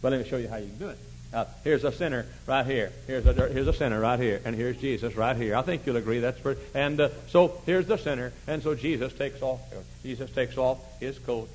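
A man preaching a sermon, telling folksy stories and swinging from quiet asides to shouting. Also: medium pitch, a little fast, a little hiss or hum, poor audio. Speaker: pastor.

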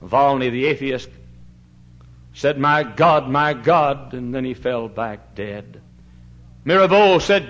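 A man, a pastor, preaching a fiery sermon in a church, shouting one moment and dropping to a hush the next. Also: mid-range voice, slow pace. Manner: fiery preaching, swings from shouts to hushed tones. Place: church sanctuary. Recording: dull lo-fi recording.

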